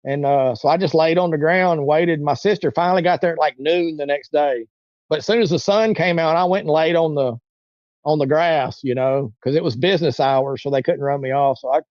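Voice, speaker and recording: A man's voice: on the high side, brisk, no room sound, lo-fi sound. A man telling a long personal story in casual interview talk, rambling and repeating himself, acting out the voices of people he quotes. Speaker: interview guest.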